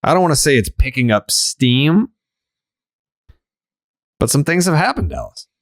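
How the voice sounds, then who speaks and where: A man hosts a podcast chat, asking questions and moving the talk along. His pitch swings in a lively way around a middle register. The recording is dry and close. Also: unhurried, dry recording. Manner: questioning, steering the conversation. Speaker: podcast host.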